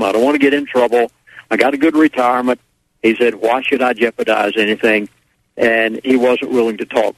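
A man's voice: fairly low pitch, no echo, rough recording. An older man, a radio guest, telling a story in a rambling way, with restarts and quoted lines. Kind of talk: casual phone-in storytelling.

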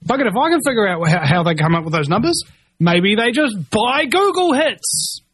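High-voiced ranting man, dry close sound. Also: sing-song, moderate pace, a bit bright, husky, dry recording. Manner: angry, rambling, swears, stammering restarts. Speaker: commentator reading news. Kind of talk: ranting monologue.

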